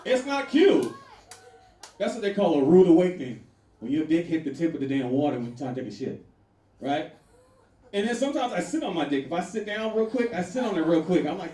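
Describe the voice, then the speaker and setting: A man works a comedy room with a loud, animated stand-up delivery, laughing through his punchlines. His voice sits a little high and sounds warm and mellow. It is picked up from a distance in an echoey space with a faint hum behind. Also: a little fast. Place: comedy venue with a live audience.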